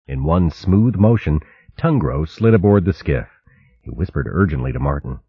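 A man's voice: very deep voice, moderate pace, breathy edge, dry recording, lo-fi sound. A man reading a storybook aloud as narrator, telling it expressively. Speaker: audiobook narrator. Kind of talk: scripted narration.

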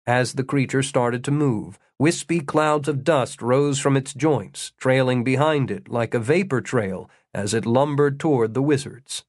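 Man reading a fantasy audiobook, wry and even, mid pitch, dry close mic. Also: dry recording. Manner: steady, wry storytelling, slowing for description. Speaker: audiobook narrator. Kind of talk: scripted narration.

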